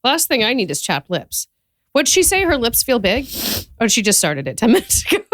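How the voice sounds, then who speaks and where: Animated laughing woman podcast co-host. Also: on the high side, brisk, no echo, clean studio sound. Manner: animated, laughs often, reads facts aloud. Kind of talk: casual chat.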